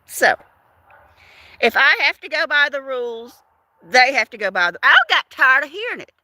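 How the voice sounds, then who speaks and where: Chatty woman, bright and high. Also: moderate pace, dry recording. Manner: chatty, animated, repeats words for effect. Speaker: livestream host chatting with viewers. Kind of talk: casual livestream chat, storytelling.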